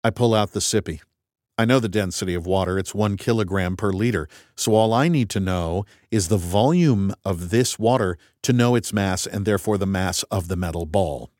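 A man's voice: deep voice, moderate pace, a little mellow, dry recording. A man reading a first-person audiobook in a dry, wry and methodical way. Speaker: audiobook narrator. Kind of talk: first-person scripted narration.

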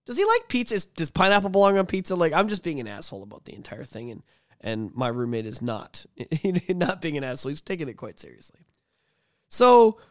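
A young man tells a story on a podcast in a casual, animated way. He swears often and rambles with lots of fillers. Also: mid-range voice, no echo, studio quality. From Canada. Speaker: podcast host.

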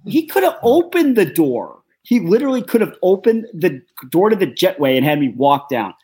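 A podcast co-host from Ohio telling a story in casual chat, animated and swearing freely. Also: mid-range voice, moderate pace, breathy edge. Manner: animated, swears, acts out quotes.

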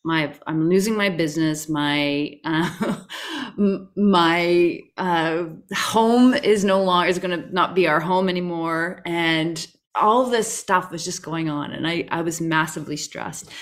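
A woman shares a personal story in a live talk. Her voice sits a little low, and she tells it with plenty of restarts and sudden excited rises. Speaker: co-host.

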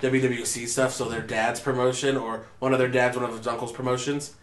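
A man co-hosting a wrestling podcast, chatting fast and joking sarcastically. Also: mid-range voice, level tone. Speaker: podcast co-host. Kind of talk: casual chat. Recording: echoey room.

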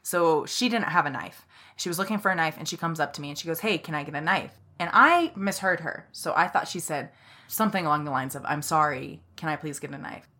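A woman's voice: deep voice, lively intonation, fairly quick, sharp tone. A young woman co-hosting a podcast, telling a story in casual chat, laughing often and swearing freely. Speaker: podcast co-host.

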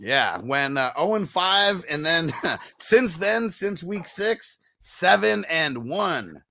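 A man's voice: on the high side, big pitch swings, slow, vocal fry, sharp tone, a little hiss or hum. A young man hosting a fantasy football stream, talking in a slangy, laid-back way and reading viewer comments aloud. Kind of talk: casual stream chat.

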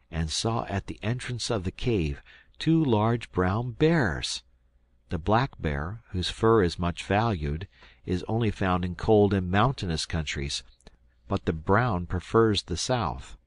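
Deep-voiced male audiobook narrator. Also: dry recording. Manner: measured, storytelling. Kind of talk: scripted narration of a classic novel.

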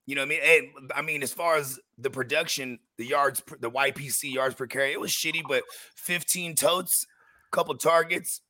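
A middle-aged man co-hosting a fantasy football show, talking in casual slang and telling animated stories. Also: a little high, moderate pace, no room sound. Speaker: podcast co-host. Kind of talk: casual chat.

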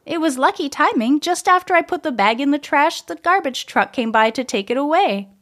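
Woman doing a caring, soothing mom, gentle, fairly high voice, storybook read-aloud. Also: expressive, a little fast. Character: gentle, comforting mother.

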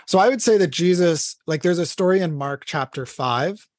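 A man's voice: on the high side, expressive, normal speed, no room sound, clean studio sound. A man talking in a casual faith discussion, earnestly retelling a scripture story with many fillers. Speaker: podcast co-host.

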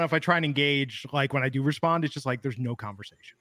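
A man's voice: mid-range voice, fast, a bit bright, no echo. A man co-hosting a casual wrestling podcast, rambling with lots of fillers and wry jokes. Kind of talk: casual chat.

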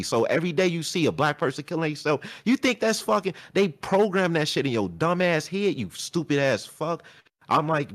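Profane animated man telling a story. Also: on the high side, normal speed, no room sound, studio quality. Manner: animated, profane, retells a heated argument. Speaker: podcast host. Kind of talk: casual storytelling chat.

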